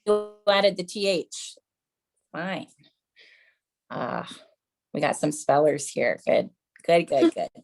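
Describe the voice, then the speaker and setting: A woman in her thirties does stand-up in a deep, creaky, darkish voice, speaking slowly and expressively with frequent pauses. Soft music plays in the background. Her chatty set is full of self-mocking mom jokes, and she often calls the crowd "you guys."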